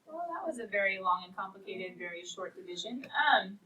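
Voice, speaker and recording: Brisk and expressive, a math teacher's mid-range voice sounds pushed and bright as she lectures on precalculus. She encourages her students playfully and talks about equations as if they were people. Picked up by a distant mic, the audio carries faint noise.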